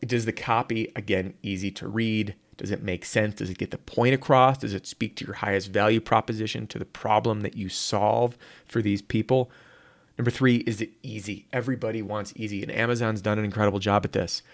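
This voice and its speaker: A man in his thirties hosting a solo marketing talk, energetic and punchy, often repeating words as he restarts. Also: lowish voice, a little fast. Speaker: marketing podcast host.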